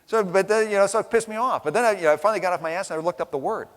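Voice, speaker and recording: A middle-aged American keynote speaker races along in a high voice, passionate and blunt, swearing freely and punctuating his points with "right?". He's addressing a large conference hall, and the recording has a long, reverberant tail.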